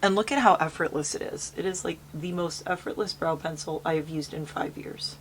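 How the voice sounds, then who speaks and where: A beauty vlogger chats casually with her viewers while doing her makeup outside in a light breeze, bubbly and talkative throughout. Her voice is low and a little fast, with slight background noise.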